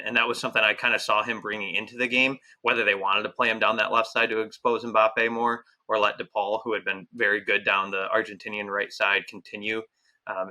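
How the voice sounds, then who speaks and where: Bright-toned man talking soccer tactics. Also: fairly low pitch. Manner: rambling, frequent restarts and fillers. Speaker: podcast co-host. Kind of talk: casual soccer analysis chat.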